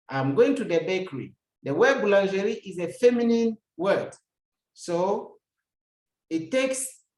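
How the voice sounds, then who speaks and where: A language teacher giving a recorded lesson, repeating each example sentence, translating it and asking the learner rhetorical questions. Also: mid-range voice. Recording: roomy echo.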